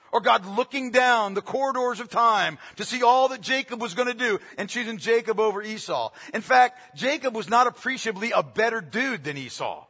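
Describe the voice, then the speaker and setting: Emphatic pastor preaching in a hall. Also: male voice, fairly high pitch, sharp tone. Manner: earnest, emphatic, repeats key phrases. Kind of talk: sermon.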